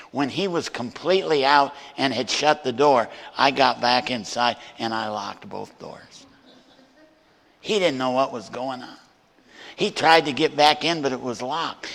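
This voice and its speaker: A man's voice: mid-range voice, fairly bright tone. An older man preaching as a guest speaker, telling a story and acting out the voices of the people in it. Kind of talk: sermon storytelling. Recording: hall reverb.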